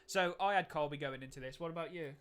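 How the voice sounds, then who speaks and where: A man's voice: fairly high pitch, fast, a crowd in the background. A man chatting casually on a podcast, often agreeing with the others. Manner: agreeable, backchannels a lot. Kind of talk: casual chat.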